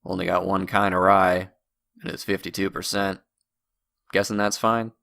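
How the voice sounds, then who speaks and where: A man voicing a blunt middle-aged bartender who speaks in a gruff, matter-of-fact way. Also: deep voice, little pitch movement, moderate pace, bright, forceful tone, no room sound, full character voice.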